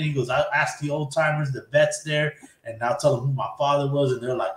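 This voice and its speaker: Animated man retelling an anime episode. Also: medium pitch, fast talker, echoey room. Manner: animated retelling, acting out character lines. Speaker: podcast host. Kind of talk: casual anime episode recap.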